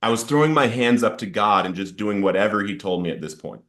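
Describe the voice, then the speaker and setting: A man's voice: lowish voice, fast talker, fairly bright tone. A man sharing an earnest, emotional personal testimony about addiction and recovery as a podcast guest. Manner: earnest, storytelling with rising intensity in quoted outbursts.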